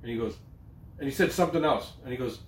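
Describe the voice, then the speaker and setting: A man's voice: mid-range voice, fast, recorded from a distance, a little hiss or hum. A man in his thirties co-hosting a casual chat, swearing freely and retelling funny movie scenes with lots of laughter. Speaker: podcast co-host. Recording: echoey room, voice off-mic.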